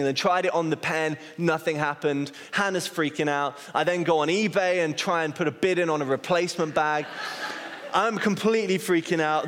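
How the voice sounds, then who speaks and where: Pastor guy preaching, earnest and self-mocking, voice a bit high, big echoey hall. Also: a bit bright. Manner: earnest, self-deprecating storyteller. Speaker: associate pastor. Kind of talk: sermon with personal storytelling. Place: church hall. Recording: long reverb of a large hall.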